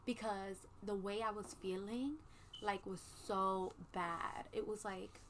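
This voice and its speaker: A woman's voice: mid-range voice, steady tone, slow pace. Chatty candid woman vlogging at home. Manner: chatty, candid, lots of ums and likes, swears casually. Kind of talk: casual pregnancy update vlog. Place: home room with a ceiling fan running. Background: faint ceiling fan hum.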